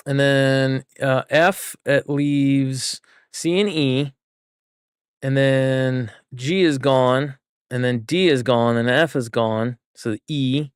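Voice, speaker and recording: A man's voice: medium pitch, no room sound, studio quality. A man streaming a game, chatting with viewers and thinking aloud as he works through a puzzle. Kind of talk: casual live gameplay chat.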